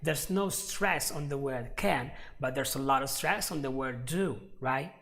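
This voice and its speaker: A man teaching a live online English lesson, chatty and laughing often, repeating example phrases slowly. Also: medium pitch, creaky, a bit bright.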